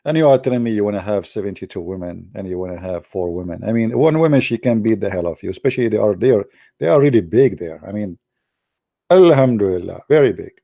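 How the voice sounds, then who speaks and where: Man, from the Arab world, joking commentary, warm tone, dry close sound. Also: on the low side, lively intonation, fast talker, vocal fry, no room sound. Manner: teasing, chuckling asides. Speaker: vlogger.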